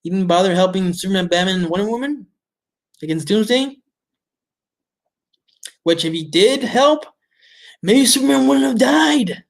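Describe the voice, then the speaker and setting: A man with a slightly higher voice than most reviews a movie in a loose, off-the-cuff way. He is blunt and exasperated and swears freely as he picks the film apart. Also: animated, normal speed, vocal fry, pauses often. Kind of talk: casual ranting film review.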